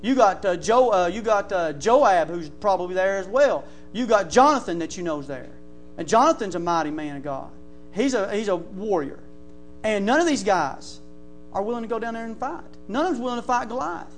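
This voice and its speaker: A male pastor, preaching a folksy sermon that builds into shouting. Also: high-pitched, animated, moderate pace, soft background music.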